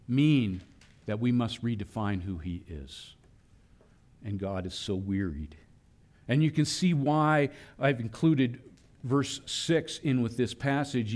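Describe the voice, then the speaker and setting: A man preaching a sermon, animated, acting out voices in quoted lines. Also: medium pitch. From Philadelphia area. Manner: animated preaching, voicing God and children in quotes. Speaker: pastor.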